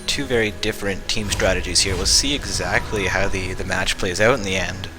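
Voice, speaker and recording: Male caster, deep voice, chatty live play-by-play with frequent self-corrections. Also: fairly quick. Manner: casual, chatty, corrects himself often. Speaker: esports commentator. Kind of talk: live game commentary for a stream. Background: game music.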